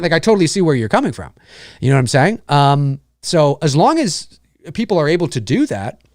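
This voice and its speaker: A man's voice: fairly high pitch, no echo, studio quality. A man hosting a live stream, ranting casually with lots of swearing and mocking voices. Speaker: host of a live stream show.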